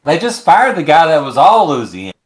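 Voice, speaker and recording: A man's voice: a little high, very animated, fairly quick. A man co-hosting a casual sports chat, mostly chiming in with short agreeing interjections. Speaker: sports podcast co-host.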